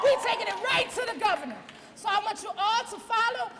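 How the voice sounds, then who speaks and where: A woman speaking at a rally, fired up and defiant. She calls out to the crowd and shouts some of her lines. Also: very high-pitched, big pitch swings, quick pace. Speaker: advocacy group director speaking at a rally. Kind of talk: fiery rally speech. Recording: echoey hall with crowd and noise.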